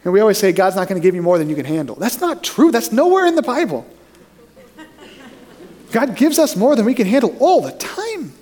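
High-voiced male pastor preaching. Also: sing-song, fairly quick, darkish tone. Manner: storytelling, acts out quoted voices with rising pitch. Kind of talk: sermon.

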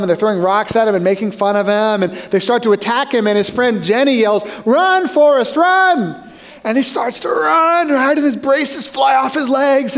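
A man preaching a sermon as pastor, telling stories with energy and dropping to a hushed voice for emphasis. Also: high-pitched. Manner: animated storyteller who drops to a hushed voice for emphasis.

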